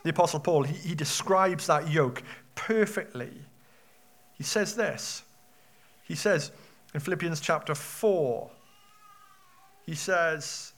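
A man's voice: on the high side, a little slow, gravelly, long pauses, a bit bright. A man preaching a sermon in a conversational way, often ending points with rhetorical tag questions.

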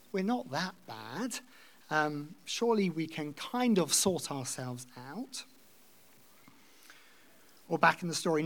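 Man preaching a relaxed sermon. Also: a little high. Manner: conversational, reads scripture aloud and explains it. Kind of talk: expository sermon.

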